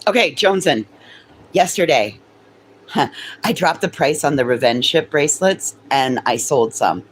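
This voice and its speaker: A woman chats casually with her livestream viewers, swearing freely, and switches into high sing-song baby talk for her dogs. The recording is rough, with slight background noise.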